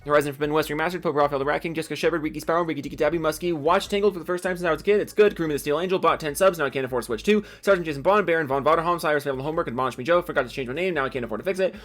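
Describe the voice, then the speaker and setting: A young man rattles off names at a brisk clip, his voice sitting a little high for a man. Between names he cracks jokes and swears at himself, with casual, self-mocking energy. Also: fairly bright tone. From Seattle area, USA. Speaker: YouTuber reading supporter names. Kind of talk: rapid-fire name reading with comedic asides.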